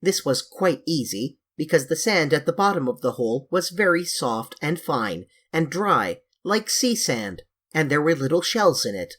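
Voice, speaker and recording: An audiobook narrator reading a children's novel in an expressive, lively storytelling manner. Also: medium pitch, normal speed, few pauses.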